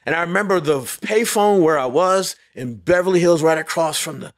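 A man's voice: on the high side, normal speed. Laughing man telling a story. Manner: animated storyteller, laughs often, quotes others. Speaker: podcast guest. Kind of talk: storytelling interview.

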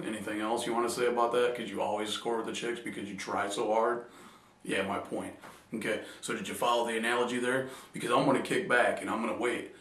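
A man's voice: on the low side, a bit bright. Brief: a laid-back male vlogger joking to camera, heard from the mic at a distance in a roomy space. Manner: loose, joking storytelling. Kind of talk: casual joking chat to camera. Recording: echoey room, distant mic.

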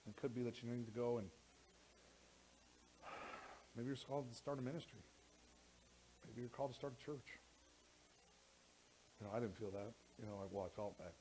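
A man preaching a sermon as pastor in a church, animated, with frequent repeated words and restarts, sometimes rising close to a shout. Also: mid-range voice, moderate pace, long pauses, a little hiss or hum, rough recording. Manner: animated, rising to near shouting when worked up.

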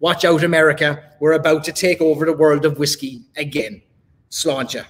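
Irish man, slightly high voice, theatrical speechmaker, rousing delivery. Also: flat delivery, moderate pace, a bit bright. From Ireland. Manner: oratorical, rhetorical, theatrical. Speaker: whiskey advocate in a live debate.

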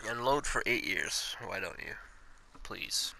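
A man's voice: fairly low pitch, lively intonation, takes it slowly, vocal fry, pushed and bright, a little hiss or hum. A young man casually commenting while he plays a video game, swearing often and joking to himself. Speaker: gaming channel host. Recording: game music playing behind.

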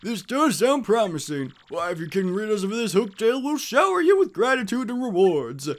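A man voicing a long-winded, self-satisfied old village mayor in a video game, his voice pushed up high. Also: big pitch swings, normal speed. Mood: pompous.

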